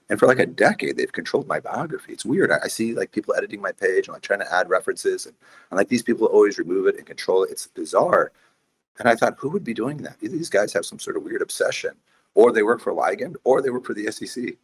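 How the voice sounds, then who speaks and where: A man's voice: fairly low pitch, animated, quick pace, breathy edge. A man, a priest and investor, telling his story intensely as a guest in a podcast interview.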